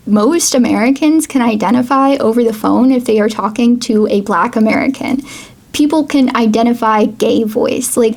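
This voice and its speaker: Host, woman, fairly high voice with a lot of vocal fry, chatty educational narration. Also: darkish tone. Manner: chatty, reads quotes aloud, laughs now and then. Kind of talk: casual educational vlog narration.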